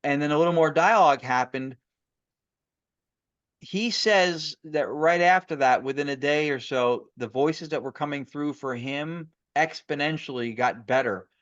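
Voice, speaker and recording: A man's voice: fairly high pitch, unhurried, a bit bright, no room sound. Man eagerly telling paranormal stories. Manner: eager, rambling storyteller with many restarts. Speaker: guest paranormal investigator. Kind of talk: casual podcast storytelling. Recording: muffled lo-fi audio.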